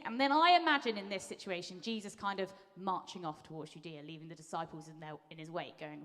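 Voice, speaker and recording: Lively woman preacher in an echoing hall. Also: on the low side, quick pace, few pauses. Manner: lively storytelling, acting out quotes in voices. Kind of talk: conversational sermon. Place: church hall. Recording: long reverb of a large hall.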